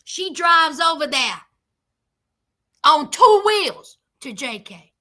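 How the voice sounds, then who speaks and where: A woman's voice: high-pitched, sing-song, takes it slowly, pushed and bright, a little hiss or hum. Sassy, mocking woman ranting a recap. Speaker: reality TV commentator. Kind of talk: comedic recap commentary.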